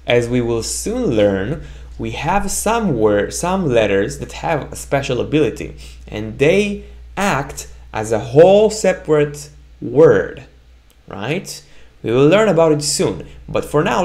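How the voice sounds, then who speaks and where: A man's voice: mid-range voice, big pitch swings, a little mellow. A man teaching a Hebrew reading lesson, patiently drilling sounds and checking in with "right?" as he goes. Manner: repeats sounds slowly for the learner to echo, often checks with "right?". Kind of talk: slow, patient language lesson.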